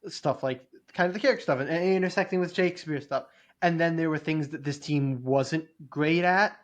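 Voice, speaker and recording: A man co-hosts a podcast in easygoing conversation. His voice sits slightly above the usual male pitch. He talks in loose, hedging runs dotted with fillers. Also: brisk. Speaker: podcast co-host. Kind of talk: casual chat.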